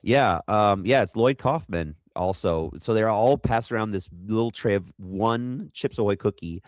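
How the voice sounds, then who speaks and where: A man co-hosting a podcast, rambling through a movie recap and acting out quotes in quick funny voices. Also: on the low side, no room sound, clean studio sound. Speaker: podcast co-host. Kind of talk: casual movie recap chat.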